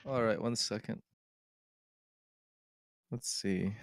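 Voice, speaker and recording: A man's voice: lowish voice, fairly even intonation, slow pace, vocal fry. A man playing a tabletop game, casually muttering to himself as he checks his character sheet. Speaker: player.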